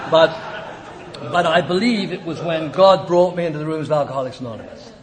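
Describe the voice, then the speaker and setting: A man's voice: a little high, background noise. Earnest man giving a recovery testimony. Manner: reflective, earnest, slows down on key words. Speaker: speaker sharing at a recovery meeting. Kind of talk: personal testimony talk.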